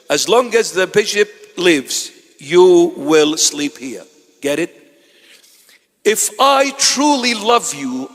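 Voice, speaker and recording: A man, a bishop and native Assyrian speaker, preaching a sermon in a church, animated, with teasing asides to his congregation. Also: a little high, long reverb tail.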